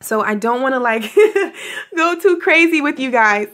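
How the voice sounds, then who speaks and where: Woman w a high bright voice, gushy spiritual vlog pep talk, calls everyone honey. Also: animated, measured pace. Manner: gushing and affectionate, calls viewers honey, laughs often. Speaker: spiritual guidance vlogger. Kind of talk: casual direct-to-camera spiritual pep talk.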